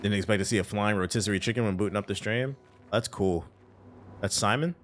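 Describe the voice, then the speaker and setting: A man's voice: fairly low pitch, a little fast, soft background music. A man streaming a video game live, commenting in an exasperated, swearing way. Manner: loud, exasperated, swearing, laughing outbursts.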